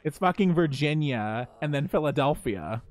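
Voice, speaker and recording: A man streaming live at his desk mic, talking casually to his viewers while he games. His voice sits a little above the usual male pitch, and he is animated and swears freely. He laughs easily as he chats. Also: moderate pace. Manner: animated, profane, chatty, laughs often.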